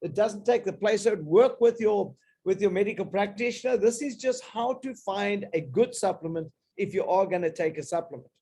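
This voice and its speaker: A man speaks in a high, mellow voice, selling a health idea to a live audience. He is emphatic and persuasive and often breaks off and restarts his phrases. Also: lively intonation, moderate pace, hardly any pauses, breathy edge. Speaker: health supplement presenter.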